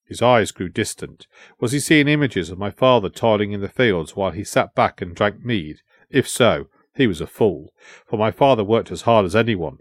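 A man reading a historical adventure novel aloud in a measured storytelling voice. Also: lowish voice, expressive, no room sound, clean studio sound. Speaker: audiobook narrator. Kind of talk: storytelling narration.

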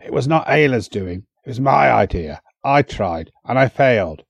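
A man's voice: medium pitch, lively intonation, normal speed, creaky, breathy edge, no echo. A man doing a wounded, defiant English lord. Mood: weak, defiant. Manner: weak, pained.

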